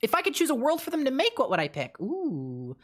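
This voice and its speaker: A woman's voice: high voice, huge pitch swings, fairly quick. A woman streaming live and chatting casually while reading chat, rambling and blunt. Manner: rambling, many fillers and restarts, blunt.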